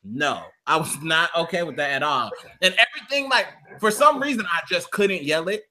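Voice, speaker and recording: Man, high voice, bright and forceful, very lively pitch, loud profane storytelling, talk show co-host. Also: moderate pace. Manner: loud, profane, acts out quotes in shifting voices. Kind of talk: animated comedic storytelling.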